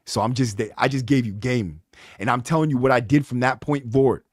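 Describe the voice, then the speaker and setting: A man, hosting a podcast, telling his own story in a casual, profane, animated way. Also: medium pitch, brisk, no echo, studio quality. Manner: animated, profane, rising to heated outbursts. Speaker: podcast host.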